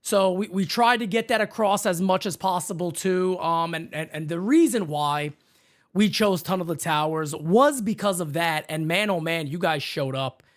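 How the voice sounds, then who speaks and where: A man hosting a baseball fan live stream from his home setup, hyped and shouting out viewers in the chat by name. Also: high voice, moderate pace. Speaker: baseball fan show host.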